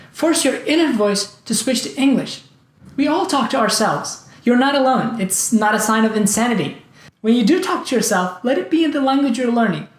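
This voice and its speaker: A man hosting a language tutorial, speaking in a clear, deliberate way and acting out examples of word stress. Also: very high-pitched. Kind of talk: scripted tutorial narration. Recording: roomy echo.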